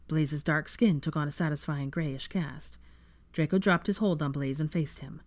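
A fan fiction reader narrating a chapter aloud in a calm, steady way. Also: medium pitch, normal speed, dry recording. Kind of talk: reading a novel aloud.

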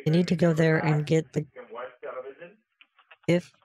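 A man's voice: fairly high pitch, level tone, measured pace, a little mellow, slight background noise, voice pushed up, lightly acted. A man voicing a sassy, talkative older woman who feigns confusion and keeps calling the caller honey. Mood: sassy confused. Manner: chatty, feigns confusion, calls him honey. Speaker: scam baiter.

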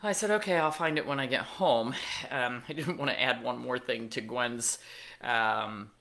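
A woman's voice: extremely low pitch, moderate pace, gravelly, a bit bright. A middle-aged woman hosting a pet podcast, telling a casual story with wry asides and plenty of fillers. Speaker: veterinarian podcast host.

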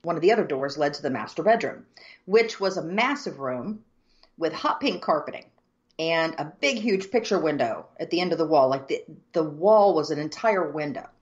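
A woman from the southern United States with a very low voice, telling a story at an unhurried pace with plenty of ums. The audio is dull and lo-fi. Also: lively intonation. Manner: measured, many ums, descriptive. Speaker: co-host. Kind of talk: casual chat, storytelling.

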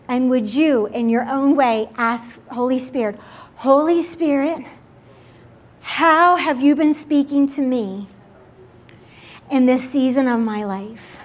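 A woman pastor leading an altar call and prayer in a church service, gently inviting and repeating her words. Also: high-pitched, takes it slowly.

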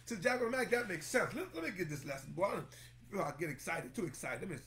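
A male pastor teaching scripture with a high, swooping voice that rises and falls dramatically. He exclaims constantly, calls out congregants by name and repeats key phrases for emphasis. Now and then he breaks into a line of a song. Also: big pitch swings, fast, sharp tone, faint music behind. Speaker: pastor teaching Bible study. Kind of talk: lively sermon-style Bible lesson.

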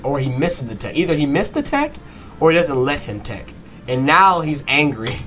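A man giving a fast, excited play-by-play breakdown of a fighting game match, swearing and breaking into excited bursts. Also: on the high side, faint music behind. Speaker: match analyst.

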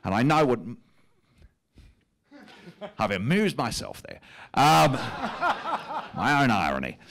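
A comedian on stage impersonates a pompous, smug prime minister with an Australian accent, drawling his words with self-satisfied amusement. The voice sits at an ordinary middle pitch for a man. The tone is that of a rich, powerful politician delighted with himself. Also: very animated, a little slow, creaky, fairly bright tone, exaggerated voice. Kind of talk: stand-up impression of a politician.

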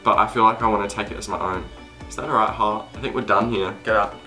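A man's voice: fairly low pitch, fairly even intonation, fast, bright, forceful tone, faint music behind. A young man hosting his own video, chatting casually and jokingly with a friend, often laughing and poking fun at himself. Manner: giggly, joking, self-deprecating. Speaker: vlogger host.

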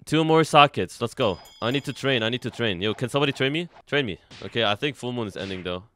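Excitable young man streaming gameplay. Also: quick pace, a little hiss or hum. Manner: excitable, swings from loud shouts to low muttering; casual slang, says "bro" often. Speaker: gaming streamer. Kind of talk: live gameplay commentary.

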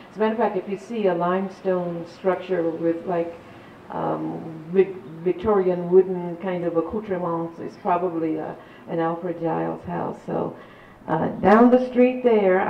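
An older woman from San Antonio tells local stories to a crowd, chatty and rambling, with a slightly low voice. The sound is dull and echoey, as if picked up from far back in a large room, with faint background noise. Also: gravelly. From San Antonio, Texas. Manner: chatty and rambling, with laughs and restarts. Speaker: community speaker. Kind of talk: storytelling talk to an audience.

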